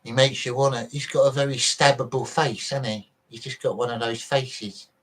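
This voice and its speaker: A man hosting a casual livestream, reading viewer messages aloud between blunt, sweary rants. His voice sits at an everyday middle pitch, and he talks in a loose, off-the-cuff way. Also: steady tone, moderate pace, a bit bright, rough recording. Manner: profane, blunt ranting. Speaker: livestream host.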